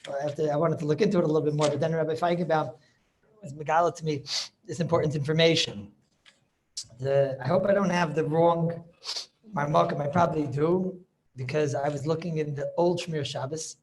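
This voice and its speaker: Man teaching a class, slightly high voice, chatty, video call audio. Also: steady tone, brisk, slight background noise. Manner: chatty, mixes in Yiddish and Hebrew study terms. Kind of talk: informal Talmudic class.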